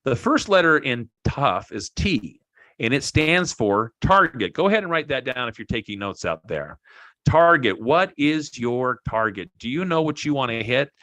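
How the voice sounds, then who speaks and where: Motivational speaker, male: bright, forceful voice, dry close sound, punchy and emphatic. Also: medium pitch, very animated, moderate pace, no room sound. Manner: emphatic, repeats key phrases, jokes with listeners. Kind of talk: motivational talk to an online group.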